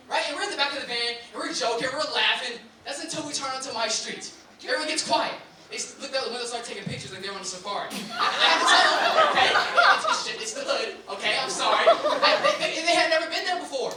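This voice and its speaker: A young man doing a stand-up set at a live venue, telling stories in an animated way with sudden shouts and laughing asides. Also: very high voice. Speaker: stand-up comedian. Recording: echoey distant room mic, loud crowd and noise.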